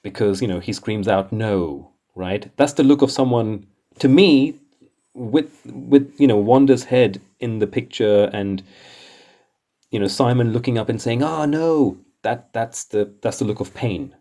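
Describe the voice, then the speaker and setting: A man's voice: mid-range voice, measured pace, warm tone. A man hosting comics commentary in a casual, rambling way, exasperated and chuckling often.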